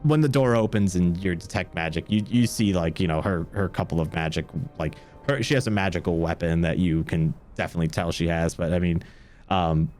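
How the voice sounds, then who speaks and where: A man narrating a tabletop game as game master, in a relaxed, rambling storytelling way. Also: low voice, fairly quick.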